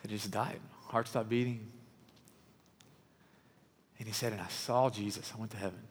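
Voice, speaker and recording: Hushed, earnest man preaching in a hall. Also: on the low side, steady tone, normal speed, husky. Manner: earnest, often dropping to a hushed voice. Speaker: pastor. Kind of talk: sermon with storytelling. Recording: long reverb of a large hall.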